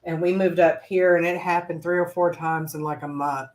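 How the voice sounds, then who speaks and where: A woman co-hosting a casual chat, telling a relaxed, rambling story with fillers and restarts. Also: on the low side, normal speed, poor audio. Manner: relaxed, rambling, loses her thread with fillers. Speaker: podcast co-host.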